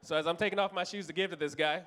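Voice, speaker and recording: On a comedy club stage in front of an audience, a stand-up comedian in his thirties from Los Angeles tells a profane story. His voice is on the high side and rapid-fire, he does animated voices for characters, and there is slight background noise.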